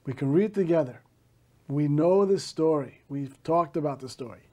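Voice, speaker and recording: A male teacher slowly reading a story aloud to a class, stopping to gloss words in Hebrew. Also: on the high side, a little mellow.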